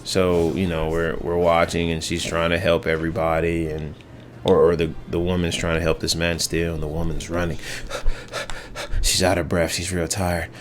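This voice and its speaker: Give me a deep-voiced young man hosting a podcast, reflective and halting as he tells a story. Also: level tone, a little hiss or hum. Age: young adult. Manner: reflective, halting with many restarts. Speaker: podcast host. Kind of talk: casual storytelling monologue.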